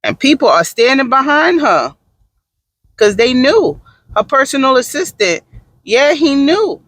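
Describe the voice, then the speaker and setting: Man, high voice, bright tone, sassy gossip vlog, dry close sound. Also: a little slow, no echo. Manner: sassy, animated, dramatic asides. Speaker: vlogger. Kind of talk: casual gossip commentary.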